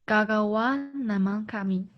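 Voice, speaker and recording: A woman's voice: mid-range voice, measured pace, muffled recording. A woman student in a one-on-one online lesson, reading aloud carefully and a little hesitantly over a video call. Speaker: language student.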